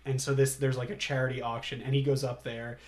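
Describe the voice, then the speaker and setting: A man's voice: medium pitch, little pitch movement, fast talker, a little mellow. A man co-hosting a casual movie podcast, laid-back, often laughing and acting out scenes. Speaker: podcast co-host.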